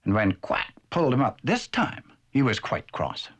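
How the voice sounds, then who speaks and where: A man telling a children's cartoon story, his voice rising and falling with lively expression. The tone is slightly husky, and the delivery is gentle and storybook-like. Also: mid-range voice, moderate pace. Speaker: narrator.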